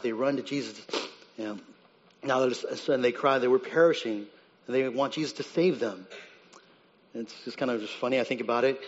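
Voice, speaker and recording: A man preaching a sermon, who swings between soft, low reflection and loud, high-pitched dramatic retellings. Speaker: pastor. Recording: dull sound with long reverb in a large hall.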